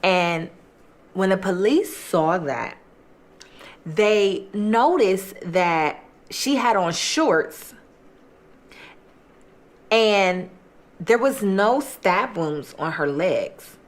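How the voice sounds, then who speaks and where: A woman's voice: mid-range voice, lively intonation, extremely slow, long pauses. A woman hosting a mukbang, casually retelling a true-crime case in a chatty way, full of "like" and acted quotes. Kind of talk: casual true-crime storytelling while eating.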